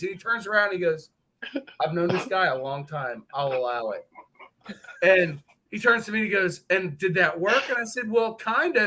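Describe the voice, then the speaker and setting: A man's voice: sits high, bright, forceful tone. A man hosting a casual live stream, telling profane, joking stories and laughing often. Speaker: host of a live motorcycle stream.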